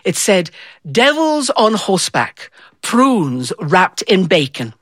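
A woman's voice: medium pitch, big pitch swings, slow pace, fairly bright tone, no echo. A woman telling a personal story to an audience, acting out the voices of the people in it. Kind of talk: live storytelling performance.

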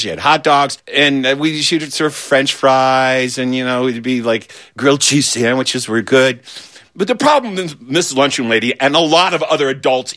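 Bright-voiced playful male storyteller. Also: medium pitch. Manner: animated, playful, with voiced asides. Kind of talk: humorous storytelling.

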